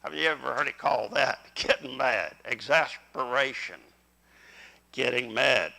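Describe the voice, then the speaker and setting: A man's voice: mid-range voice, a little slow, gravelly, bright, forceful tone, low-quality recording. An older man preaching a sermon in church, in a folksy style, talking directly to the congregation. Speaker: pastor. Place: church sanctuary.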